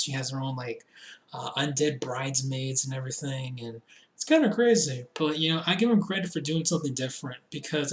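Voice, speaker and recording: A man casually reviewing a show, rambling with lots of fillers and laughing at his own slips, sounding a bit tipsy. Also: mid-range voice. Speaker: wrestling reviewer. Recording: echoey room.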